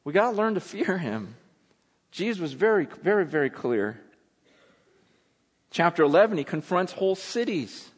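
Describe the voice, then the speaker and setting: A pastor delivers his sermon in a relaxed, blunt, conversational way. His man's voice sits a little high, and a long reverb trails every line through the large hall. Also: normal speed, pauses often, slightly rough. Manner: conversational, blunt, paraphrases scripture in casual voices.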